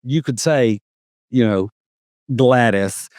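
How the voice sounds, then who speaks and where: A man's voice: mid-range voice, lively intonation, normal speed, dry recording. Easygoing man, dry close sound. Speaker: podcast co-host. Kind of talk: casual chat.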